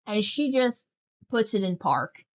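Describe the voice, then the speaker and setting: A woman's voice: medium pitch, big pitch swings, unhurried, highs cut off. A woman game streamer chatting casually, telling rambling, joking stories with lots of fillers. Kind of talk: casual livestream chat.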